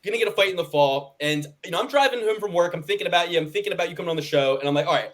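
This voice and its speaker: Male podcast host, quick and a bit high-voiced, rambling and chatty. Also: lively intonation, a bit bright. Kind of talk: casual interview chat.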